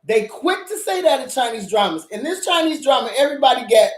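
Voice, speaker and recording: A woman's voice: high voice, expressive, a little fast, slight background noise. Heated, foul-mouthed woman ranting. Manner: heated, blunt, heavy swearing, emphatic repeats. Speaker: drama review vlogger. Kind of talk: casual profane rant. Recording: echoey room.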